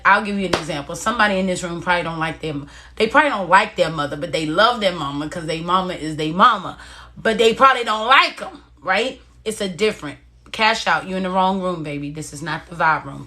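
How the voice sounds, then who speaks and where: A woman hosting a motivational live stream, encouraging viewers and reading their comments in a casual, repetitive way. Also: fairly low pitch. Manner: encouraging, talks straight to viewers, repeats phrases; casual and warm-hearted, reads out viewer comments.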